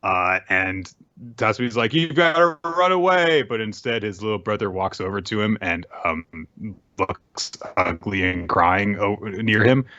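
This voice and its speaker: A man's voice: lowish voice, steady tone, unhurried, sharp tone, no room sound. A man co-hosting a podcast, recapping a manga chapter casually with many fillers and restarts. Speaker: podcast co-host. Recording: dull dry lo-fi recording.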